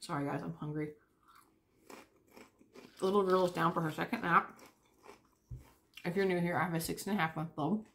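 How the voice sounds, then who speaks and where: A woman's voice: fairly low pitch, steady tone, fast talker, creaky, pauses often, a bit bright, a little hiss or hum. A young woman chatting casually to camera while eating lunch. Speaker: vlogger. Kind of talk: casual chat.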